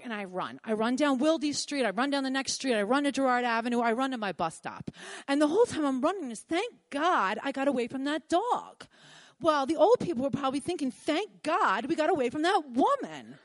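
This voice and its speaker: Animated high-voiced Philly woman storyteller. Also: a little fast, no room sound. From Philadelphia. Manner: animated, acts out her own and others' lines. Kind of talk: live personal storytelling.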